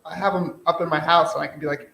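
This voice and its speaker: Man with a gravelly voice musing on a panel, echoey room, slightly high. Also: steady tone, fast talker, bright, forceful tone. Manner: thoughtful, loose phrasing with fillers. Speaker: printmaker, panel guest. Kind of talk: casual panel talk.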